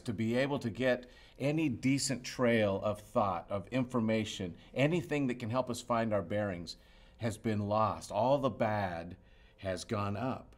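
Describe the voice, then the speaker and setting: A male pastor preaching a sermon, moving from loud emphasis to hushed, quiet passages. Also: on the low side. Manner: expressive preaching, swinging between loud emphasis and hushed asides.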